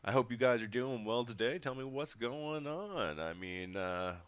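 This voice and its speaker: A man's voice: medium pitch, lively intonation, moderate pace, a bit bright, clean tone, muffled recording. A man, a livestreamer who calls himself a spiritual teacher, chatting with his viewers in an upbeat, rambling way and laughing often. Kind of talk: casual livestream chat. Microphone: webcam setup.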